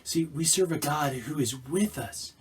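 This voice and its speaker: A male pastor preaching a sermon in an animated way, acting out scenes and restarting phrases mid-sentence. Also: on the high side, a little slow, slight background noise. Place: church.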